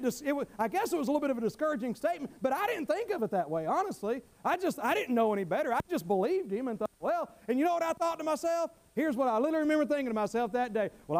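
A middle-aged man preaching a fervent, folksy sermon, often repeating himself and calling out amen. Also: very high voice.

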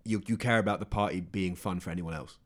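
A man's voice: deep voice, fast. A young man, a podcast host, reading his own story aloud in a dry, understated way and chatting casually.

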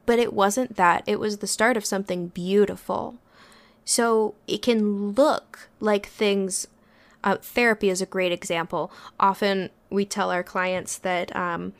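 A woman therapist talking in a relaxed, reflective way on a podcast, searching for her words with frequent pauses. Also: fairly high pitch. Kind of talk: casual reflective podcast talk.

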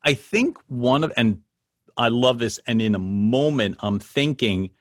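A man's voice: medium pitch, expressive, measured pace, no room sound, clean studio sound. A man hosting an interview, talking in an enthusiastic, rambling and affirming way. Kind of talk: conversational interview.

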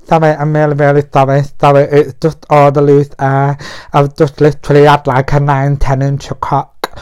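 Crude, nonstop man, smooth voice. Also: a little high, monotone, moderate pace, a little mellow. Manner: crude, rambling, talks nonstop. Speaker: podcast host. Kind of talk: casual podcast monologue. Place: bedroom in a flat.

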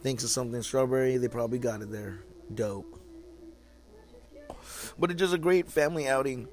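A man's voice: medium pitch, normal speed, darkish tone, faint music behind. A young man from California hosting a casual solo podcast, talking in a laid-back, slangy and profane way. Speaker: podcast host.

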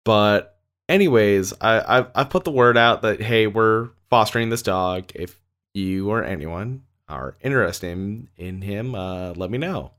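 A man's voice: fairly low pitch, measured pace, fairly bright tone. A man from Canada co-hosting a podcast, chatting casually and rambling with lots of fillers. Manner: laid-back, rambling with many fillers. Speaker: podcast co-host. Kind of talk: casual chat.

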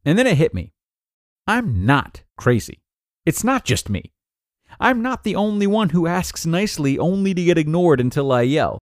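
A male podcast host reads a blog post aloud in an upbeat, expressive voice. His pitch sits in a middle range but swings widely as he leans on key words. The sound is dry and close, with no room echo. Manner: upbeat, expressive reading with emphatic rises. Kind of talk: reading a parenting blog article aloud.

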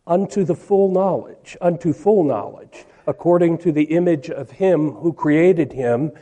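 A man's voice: on the high side, warm tone. A man preaching a sermon, reading verses aloud and stressing key words with emphasis. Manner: slow, emphatic, reads scripture aloud.

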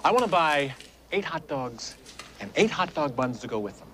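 A man's voice: fairly high pitch, sing-song, moderate pace, fairly bright tone, a little hiss or hum. An actor playing an indignant middle-aged man in a film scene, ranting sarcastically about being overcharged. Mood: fed up. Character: furious middle-aged man ranting over hot dog buns. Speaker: film character.

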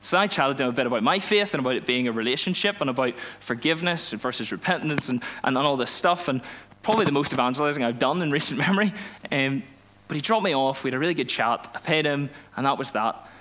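A young man, a youth pastor telling a personal story in a sermon, animated and self-mocking, acting out the dialogue. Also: mid-range voice, quick pace. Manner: animated storytelling, laughs at himself, acts out dialogue.

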